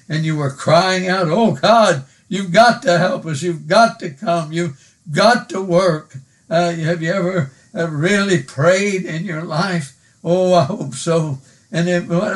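Male preacher, slow and earnest delivery, somewhat high voice, repeats phrases. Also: a bit bright. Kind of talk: sermon with prayer.

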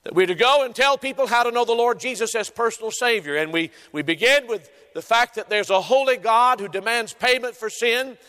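A male pastor preaching a sermon in a deliberate cadence, quoting scripture. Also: very high voice, pushed and bright, in a large hall.

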